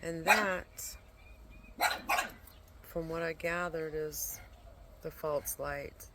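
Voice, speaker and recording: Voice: mid-range voice, steady tone, drawn-out words. A tired vlogger who talks about spiritual visions in a rambling way, swearing often and sometimes dropping into a whisper. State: exhausted from lack of sleep. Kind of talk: casual spiritual monologue. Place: at home with a pet dog nearby. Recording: noisy home recording.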